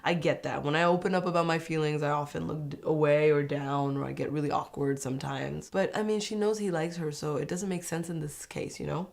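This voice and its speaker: A young woman doing a casual, opinionated recap of a reality show, chatty and sarcastic, sometimes mimicking people in a high mocking voice. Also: fairly even intonation, a little fast, gravelly, few pauses.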